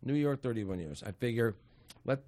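A man in his sixties co-hosting a casual podcast, firing off crude, loud wisecracks. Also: mid-range voice, a little fast, no echo, clean studio sound. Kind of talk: casual banter.

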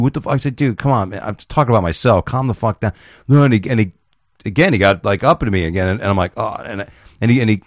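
A low-pitched man talking loosely and crudely, stumbling over his words as he spins stories. The sound is dry and close, with no room around him. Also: no echo. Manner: rambling storytelling, profane, restarts often. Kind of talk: casual chat.

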